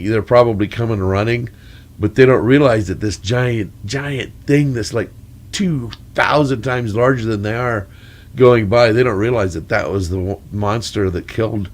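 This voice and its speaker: Deep-voiced guy with a crackly stuffed-up cold, rambling and corny. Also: moderate pace. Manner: corny, joking, wandering asides. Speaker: storyteller. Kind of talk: rambling solo mic-check monologue.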